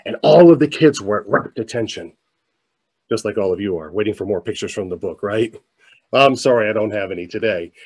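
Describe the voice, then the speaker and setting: A middle-aged man telling a story in a keynote talk, animated, his voice climbing as he gets excited. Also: fairly low pitch, a little fast, slightly rough. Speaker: motivational speaker. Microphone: presentation mic, virtual showcase.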